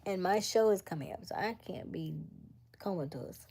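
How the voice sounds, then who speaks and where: A woman's voice: medium pitch, normal speed, warm tone, a little hiss or hum. A woman with an East African accent hosting a live stream, chatting with viewers, reading their comments aloud and working through sums to herself. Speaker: livestream host. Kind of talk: casual live-stream chat.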